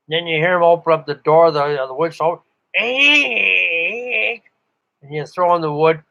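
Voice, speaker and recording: A man's voice: fairly high pitch, a little slow, vocal fry, pushed and bright, highs cut off. An older man, a ham radio operator, telling rambling stories in a casual chat with frequent chuckles. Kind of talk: casual monologue.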